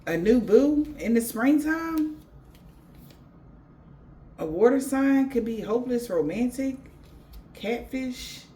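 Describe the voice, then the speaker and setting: A woman's voice: on the high side, lively intonation, takes it slowly, pauses often, warm tone, faint music behind. A woman giving a spiritual reading in blunt, profane slang. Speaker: tarot reader.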